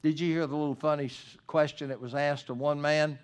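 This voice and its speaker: A man delivers a sermon from the pulpit. He preaches earnestly, rising to loud, emphatic points and dropping to low, hushed asides. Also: fairly even intonation, fairly quick, clean tone. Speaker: pastor.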